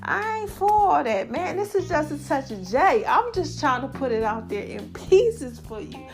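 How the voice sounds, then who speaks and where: A woman's voice: sits high, very animated, moderate pace, gravelly, over music. A woman hosting her own podcast in casual solo chat, laughing often and calling her listeners baby and y'all. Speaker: podcast host.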